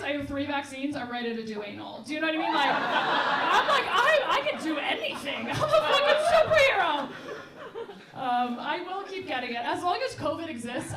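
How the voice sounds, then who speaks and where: A young woman doing stand-up crowd work, brash and quick, laughing between jokes. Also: sits high. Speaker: stand-up comedian. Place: comedy club stage before a live audience. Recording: roomy live mic from a distance, loud crowd.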